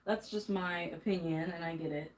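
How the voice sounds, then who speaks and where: With a lowish voice and fairly even intonation, a young woman streams herself doing laundry in her bedroom while ranting angrily at her chat. She keeps a moderate pace, sounds heated and emphatic, and breaks into nervous laughs, all on a rough recording.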